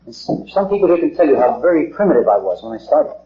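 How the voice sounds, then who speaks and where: A man's voice: on the high side, very animated, quick pace. Earnest man lecturing on old tape. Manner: earnest, rhetorical questions, repeats himself. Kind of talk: public talk to a small group. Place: meeting hall. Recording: echoey hall, dull 1950s tape.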